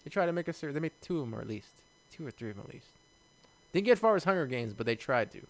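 A man's voice: a little high, very animated, racing, no room sound. A man co-hosting a podcast, talking in casual, profane banter and laughing often. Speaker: podcast co-host.

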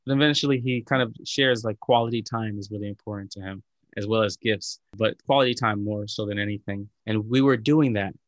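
A man's voice: lowish voice, brisk, no room sound. A man in casual conversation, talking in an earnest, reflective way with many filler likes and restarts. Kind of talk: casual chat.

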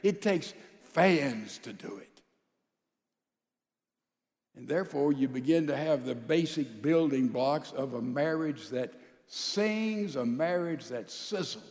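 A male pastor preaching a sermon to a large church congregation, calling out to the crowd and swinging between loud and soft. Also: mid-range voice, expressive, slow pace, in a large hall. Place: large church sanctuary with a balcony.

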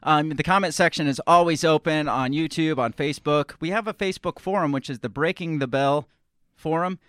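A man's voice: a little high, fairly quick, fairly bright tone, clean tone, dry recording, studio quality. A man hosting a podcast in a loose, joking way, chatting and laughing with a guest. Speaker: podcast host. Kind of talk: casual podcast chat.

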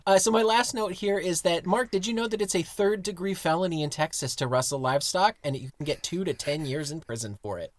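A man's voice: high-pitched, fairly quick, hardly any pauses, dry recording. Jokey guy on a podcast, crude and playful, dry close sound. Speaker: podcast co-host. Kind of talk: casual chat.

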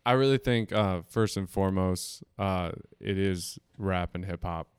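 A man's voice: low-pitched, unhurried, clear, resonant tone, no room sound, clean studio sound. A twenty-five-year-old man, a musician guest, earnestly explaining his band's sound with some "uh" fillers. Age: 20s. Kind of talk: casual interview.

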